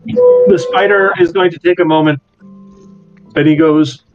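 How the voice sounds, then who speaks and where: A man's voice: on the high side, steady tone, unhurried. A man running a tabletop game as dungeon master, casual and laughing, swearing freely as he narrates. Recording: muffled recording with background music.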